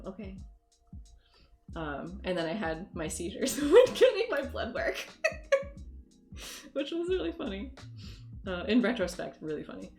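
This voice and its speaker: A woman's voice: medium pitch, big pitch swings, a little slow, long pauses, a little mellow. A woman livestreamer chatting casually with her viewers, rambling through stories and laughing often. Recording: roomy room with faint music.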